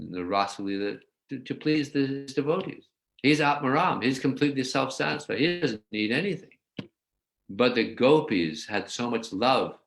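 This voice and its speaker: A man giving a scripture class, explaining a verse and telling stories in an animated way. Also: lowish voice. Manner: animated storyteller, acts out voices. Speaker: religious teacher.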